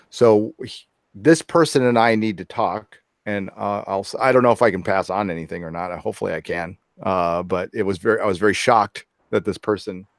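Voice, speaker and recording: A man's voice: on the low side, no echo, studio quality. A middle-aged man hosting a casual podcast chat, rambling with lots of fillers and hedges. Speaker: podcast host.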